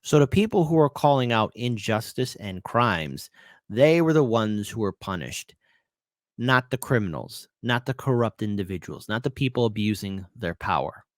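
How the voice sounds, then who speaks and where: A man hosting a livestream, pausing a clip to react in an animated, sarcastic way and talking straight to his viewers. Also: fairly low pitch, no room sound, clean studio sound. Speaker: livestream host.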